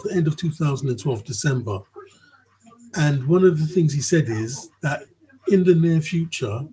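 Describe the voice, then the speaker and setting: A man's voice: on the high side, warm tone, rough recording. A man vlogging in a rambling, casual commentary monologue, swearing freely and often checking in with the listener.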